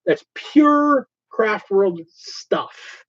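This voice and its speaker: Animated ranting man, dull lo-fi sound. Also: high voice, drawn-out words. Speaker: host. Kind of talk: casual chat.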